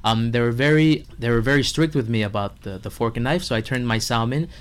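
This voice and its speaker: A man's voice: medium pitch, brisk, clean tone. A man, a chef guest, telling stories in casual chat, acting out other people's lines and laughing often.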